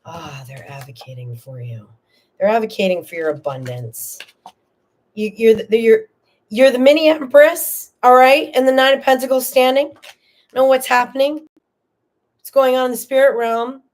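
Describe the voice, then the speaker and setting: A woman giving a live tarot reading, chatty and animated, often checking in with "okay?" and "all right?", and tearful at times. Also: high voice, moderate pace. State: tearful, emotional. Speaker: tarot reader.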